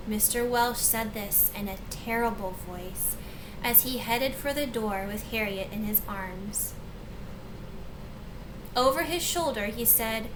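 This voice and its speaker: A woman teacher reading a chapter book aloud to her class in an expressive storytelling manner. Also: fairly high pitch, slow, noisy background.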